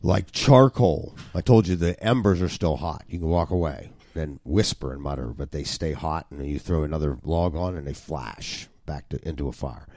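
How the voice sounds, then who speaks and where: A man's voice: a bass voice, normal speed, few pauses, darkish tone, no echo. A man preaching an expository sermon, emphatic and wry, with sudden jumps in emphasis.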